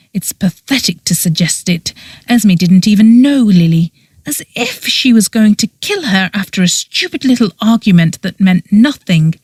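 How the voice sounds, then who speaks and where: Casting: a woman doing a heated young woman in an audiobook, indignant, slow and dry. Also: mid-range voice, darkish tone, no echo. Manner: hot, indignant. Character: heated young woman defending her friend. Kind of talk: audiobook character voice.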